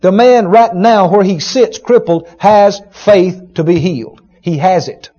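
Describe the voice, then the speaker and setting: A man preaching a sermon, retelling a story with emphatic, dramatic rising shouts. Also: high-pitched, unhurried. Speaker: pastor. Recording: dull lo-fi sermon recording.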